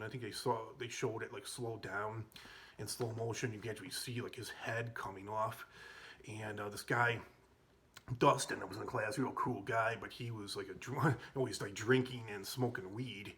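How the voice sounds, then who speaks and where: A man's voice: mid-range voice, fairly bright tone. A man telling school memories in a rambling, casual way, full of fillers and restarts, with chuckles along the way. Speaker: vlogger telling school stories. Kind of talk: casual storytelling.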